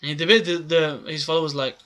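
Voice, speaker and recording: A man's voice: fairly high pitch, fairly even intonation, a little fast, pushed and bright. A man giving a casual, rambling recap of a comic chapter, with many filler words. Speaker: manga reviewer.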